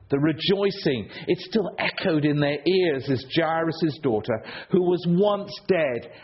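A man preaching a sermon, telling stories with a rhetorical delivery that swings between loud and hushed. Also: a little high, breathy edge. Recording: dull lo-fi recording.

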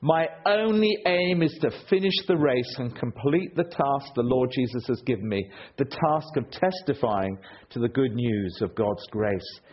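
A man preaching a sermon, telling stories with a rhetorical delivery that swings between loud and hushed. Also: mid-range voice, lively intonation, a little slow, husky. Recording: dull lo-fi recording.

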